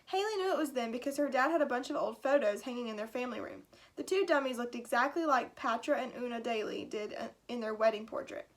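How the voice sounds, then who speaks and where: A woman's voice: fairly high pitch, expressive, fast. A woman teacher reading a chapter book aloud to her class, with chatty asides.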